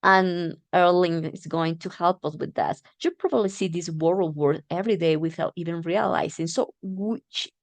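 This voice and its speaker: A woman teacher giving a demo phonics lesson, patiently repeating words slowly and clearly and encouraging her learners. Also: on the low side, steady tone, dry recording.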